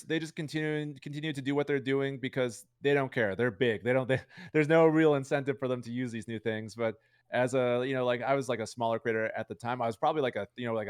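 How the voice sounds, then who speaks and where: A man's voice: medium pitch, clear, resonant tone, no room sound, studio quality. A young man chatting casually as an interview guest, rambling with lots of fillers. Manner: fast, rambling, heavy use of fillers. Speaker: guest streamer.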